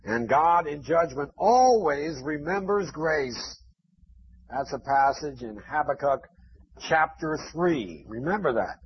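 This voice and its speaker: A man's voice: on the high side, expressive, slow, a little hiss or hum. A man preaching a sermon, emphatic and chanting repeated phrases. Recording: dull lo-fi recording.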